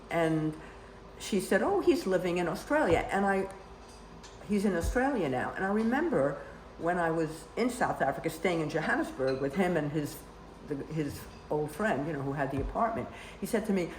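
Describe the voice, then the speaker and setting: Older woman, lowish voice, chatty rambling storyteller, roomy echoey sound. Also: very animated, moderate pace, slight background noise. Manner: rambling, full of "you know" asides. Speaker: storyteller guest. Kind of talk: casual storytelling. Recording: roomy echo.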